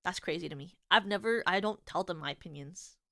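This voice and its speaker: A woman's voice: on the low side, fairly quick, gravelly, dry recording, studio quality. A young woman streamer chatting casually, rambling with many filler words and restarts, and laughing as she tells stories. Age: young adult. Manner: animated, giggly storytelling. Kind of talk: casual chat.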